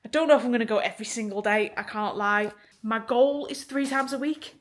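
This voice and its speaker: A young Liverpool woman with a faint Northern English accent and a voice on the high side talks a little fast while casually vlogging her day at home. Indoors in her kitchen and flat, she laughs often and swears freely, recording on a handheld phone or camera.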